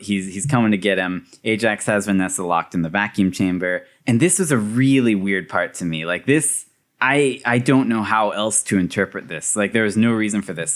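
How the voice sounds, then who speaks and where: A man hosting a podcast, animatedly retelling movie scenes and laughing often. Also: fairly low pitch. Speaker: podcast host presenting a fan theory. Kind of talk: casual podcast chat.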